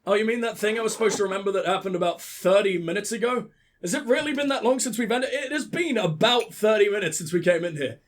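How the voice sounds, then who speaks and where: A young man with a southern English accent is ill while doing a let's play, delivering casual gameplay commentary that is sweary, sarcastic and rambling. His voice is high, animated and quick.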